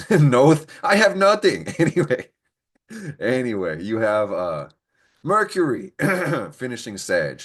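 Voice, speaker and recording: A man's voice: sits low, a bit bright. A young man hosting a casual astrology show, joking, swearing freely and laughing often, recorded on a computer call. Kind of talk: casual weekly astrology talk. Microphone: computer mic on a screen-recorded call.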